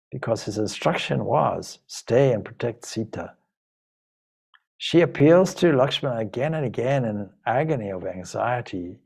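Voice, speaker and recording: A man's voice: mid-range voice, gravelly, darkish tone, breathy edge. A man, a monk and spiritual teacher, emotively retelling an ancient epic in a spiritual talk. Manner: emotive, dramatic retelling with voiced dialogue. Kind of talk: storytelling talk of a sacred epic.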